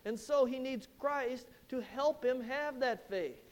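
Guy with a pretty high voice preaching, tells the bible story with lots of emphasis and asks the crowd questions. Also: slow. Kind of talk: sermon, expository Bible teaching.

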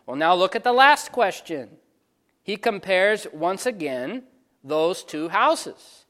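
A man preaches an expository sermon in a high-pitched, fairly bright voice. He's emphatic, driving his points home with rhetorical questions and stressing key words.

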